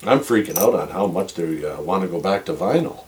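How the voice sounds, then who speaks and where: A man chatting casually over a board game, telling animated, profane stories and swearing freely. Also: sits low, a little fast. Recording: distant mic with faint noise.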